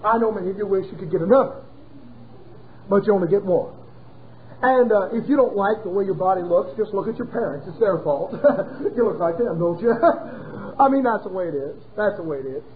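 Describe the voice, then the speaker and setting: High-voiced preacher on tinny phone-like audio. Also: male voice, animated, slight background noise. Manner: folksy, emphatic preaching with sudden slowdowns and chuckles. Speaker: pastor. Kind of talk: sermon. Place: church.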